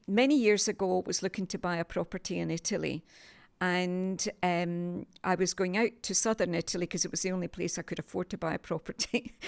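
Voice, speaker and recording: An older woman with a Scottish accent from Glasgow, a TV sales presenter telling stories as a podcast guest in an animated, emphatic way. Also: on the low side, creaky. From Scotland, Glasgow. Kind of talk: conversational storytelling.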